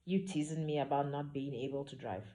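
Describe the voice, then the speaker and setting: A woman's voice: sits low, a little fast, dark tone, natural voice. A woman reading a blunt, exasperated young woman. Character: spirited, suspicious young woman.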